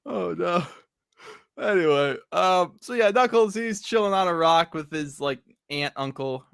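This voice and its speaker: A young man talks through a comic with a friend in a lively, up-and-down voice that stays bright and a little higher than most men's. He laughs often and lets some phrases fade into low mumbles. The sound is close and dry, with no room around it. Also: measured pace, creaky, clean tone, no room sound. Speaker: podcast co-host. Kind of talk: casual comic review chat.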